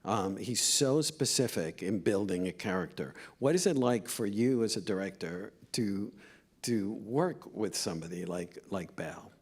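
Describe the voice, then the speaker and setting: A man's voice: on the low side, animated, unhurried, husky. A man moderating a film Q&A, asking questions hesitantly with fillers. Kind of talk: interview questions.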